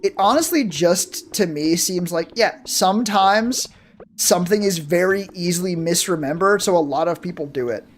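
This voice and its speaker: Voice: medium pitch, normal speed, a little hiss or hum. Rambling, profane game streamer. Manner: rambling, profane, chatty with viewers. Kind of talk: casual live-stream chat while gaming.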